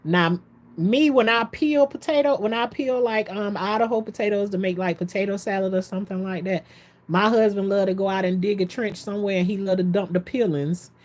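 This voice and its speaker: A woman vlogging in a casual, excitable storytelling style, rambling between topics and talking straight to her viewers. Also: medium pitch, fairly quick. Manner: chatty, folksy, addresses viewers directly.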